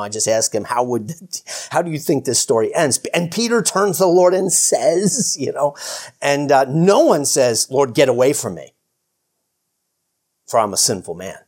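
A man teaching the Bible in a casual, animated way. He often chuckles, restarts his sentences and acts out the characters' lines. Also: mid-range voice, moderate pace. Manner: rambling with many restarts and "you know".

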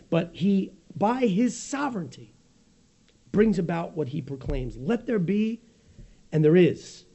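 A man preaching a sermon as pastor, with a raspy voice, animated and swinging between soft and loud, joking about his own slips. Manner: animated preaching with wide swings in pitch and loudness; jokes at his own slips, laughs easily.

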